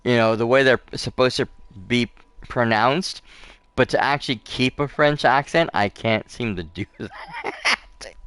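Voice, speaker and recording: A man's voice: medium pitch, unhurried, fairly bright tone, smooth, no room sound. A man hosting a casual let's play, chatting in a rambling way with lots of fillers and restarts. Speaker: gaming channel host.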